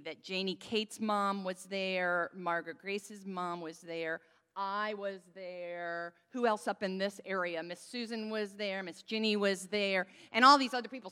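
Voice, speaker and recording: A woman's voice: medium pitch, a bit bright, clear, resonant tone. A woman giving a children's sermon into a handheld microphone in a church sanctuary, leading the congregation in call-and-response. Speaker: pastor giving a children's message. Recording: long church reverb.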